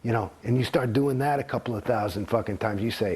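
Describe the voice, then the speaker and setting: A man's voice: medium pitch, quick pace, a little mellow, breathy edge. A man giving a candid interview, blunt and heavy on profanity, rambling with frequent restarts. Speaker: interview guest.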